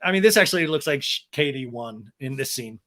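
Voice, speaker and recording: Bright-voiced sarcastic man recapping. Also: mid-range voice, animated. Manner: sarcastic, quick asides. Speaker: podcast host. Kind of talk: comedic recap of a reality show.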